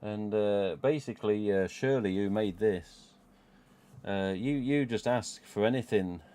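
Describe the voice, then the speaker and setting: A middle-aged Midlands man from England runs a relaxed live stream in an unhurried way, wandering between thoughts. He speaks with a slightly low voice, swearing casually and chuckling to himself.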